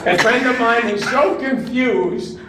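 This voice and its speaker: Older man, stand-up at a retirement home show: high voice, unhurried jokes, chuckles, distant mic in an echoey noisy room. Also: a crowd in the background. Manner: slow, deliberate delivery of one-liners, chuckling at his own punchlines. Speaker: stand-up comedian at a talent show. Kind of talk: stand-up joke telling. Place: community room of a retirement residence.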